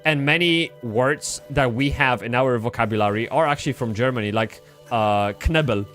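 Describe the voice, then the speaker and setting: Man, streamer, casual rambling, swears, mid pitch, faint music behind. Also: normal speed, fairly bright tone. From Poland. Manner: rambling, swearing, frequent restarts. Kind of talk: casual gaming livestream chat.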